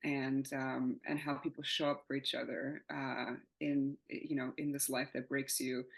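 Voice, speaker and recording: Woman, thirties, low-pitched voice, candid, rambling, laughs and swears, interview guest. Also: vocal fry, rough recording. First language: not English. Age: 30s. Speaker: playwright guest. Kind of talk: casual interview chat.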